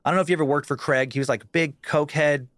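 A man's voice: fairly high pitch, steady tone, rapid-fire, a bit bright, dry recording, studio quality. A man, a comedian, telling a profane road story in casual podcast chat with lots of restarts and swearing.

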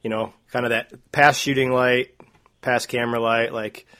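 A man co-hosting a podcast, telling a long story in a rambling, animated way, full of "like" and "uh". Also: mid-range voice, normal speed. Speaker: podcast co-host. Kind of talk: casual storytelling.

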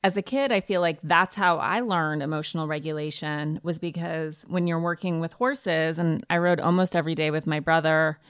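Smooth, low-voiced woman interviewer. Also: fairly even intonation, moderate pace, hardly any pauses, no room sound, studio quality. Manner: reflective, thinking aloud. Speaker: interviewer, podcast host. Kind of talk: conversational interview.

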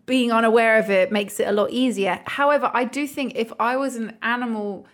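Brisk and on the high side, this young woman's voice carries a casual podcast chat where she co-hosts. She laughs a lot and swears freely.

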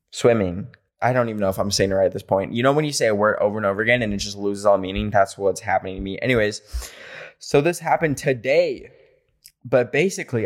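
A man hosting a podcast, reading listener stories aloud and reacting playfully with animated asides. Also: on the low side. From rural area. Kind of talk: casual podcast chat.

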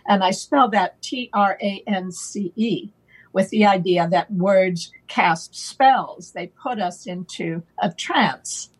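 Woman guest, husky, unhurried, playful wordplay delivery. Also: medium pitch, low-quality recording. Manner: playful wordplay, slow and deliberate, laughs often. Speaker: guest on a talk show. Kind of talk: relaxed conversational explanation.

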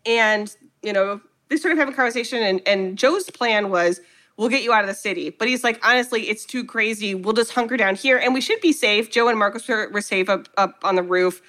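A woman co-hosting a casual chat, recapping a film with animated storytelling and acted-out quotes. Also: mid-range voice, fairly quick. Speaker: podcast co-host recapping a film.

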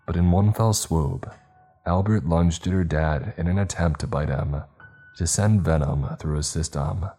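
A man narrating a story in a steady, measured reading. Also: low-pitched, husky. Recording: faint background music.

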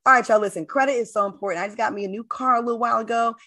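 A woman's voice: on the high side, fairly even intonation, rapid-fire, fairly bright tone. A woman hosting a talk show, blunt and fiery in heated panel talk, also reading an ad herself.

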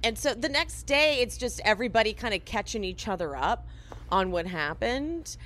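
A woman's voice: on the high side, animated, moderate pace, fairly bright tone, slight background noise. A woman casually recapping a reality show on a podcast, telling it as a story and acting out the quotes, with lots of "like". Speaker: podcast co-host.

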